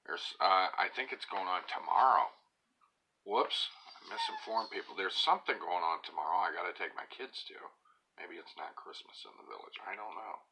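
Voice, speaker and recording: A man's voice: deep voice, big pitch swings, normal speed, breathy edge. A man casually chatting on a live stream, reading viewer comments aloud and poking fun at himself, sometimes dropping to a whisper. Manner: chatty and self-mocking, drifting into soft whispered asides.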